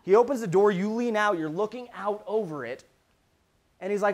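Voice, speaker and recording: A young man with a high voice gives a lively keynote talk to students. He tells his stories with energy and acts out the reactions as he goes. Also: normal speed. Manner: animated storytelling, acting out reactions. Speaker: motivational speaker. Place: event with a live audience.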